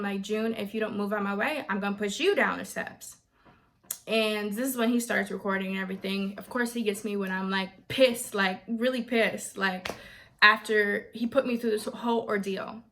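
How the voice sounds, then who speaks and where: A young adult woman vlogger telling a story in a casual, animated way and acting out what others said. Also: medium pitch. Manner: animated, quotes others in voices.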